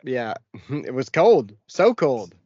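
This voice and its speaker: A man's voice: medium pitch, big pitch swings, takes it slowly, a little mellow, no room sound. A man co-hosting a podcast in casual chat, laughing often and chiming in with short reactions. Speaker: podcast co-host. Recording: dry, dull lo-fi sound.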